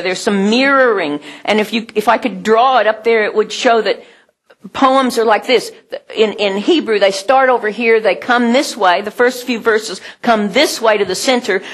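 Woman, middle-aged, pastor, sermon, conversational, breathy, laughs often. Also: a little high. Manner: conversational, laughs often, acts out quoted voices.

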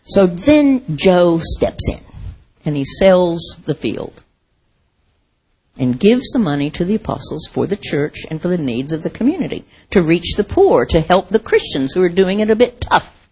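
American lady preaching, kinda husky, chatty and animated, laughs a lot. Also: lowish voice, measured pace, low-quality recording. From American Midwest. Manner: animated, conversational, laughs often, acts out quotes. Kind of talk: sermon.

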